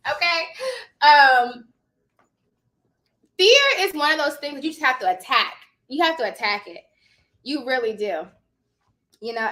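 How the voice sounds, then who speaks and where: A woman's voice: high-pitched, pushed and bright. A woman in her thirties hosting a live stream, giving emphatic motivational advice straight to her viewers in a casual way. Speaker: live-stream host and notary coach.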